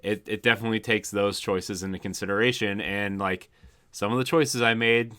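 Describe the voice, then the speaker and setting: Bright-voiced male podcast co-host. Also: fairly low pitch, steady tone, a little fast, smooth. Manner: enthusiastic, filler-heavy rambling. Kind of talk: casual chat.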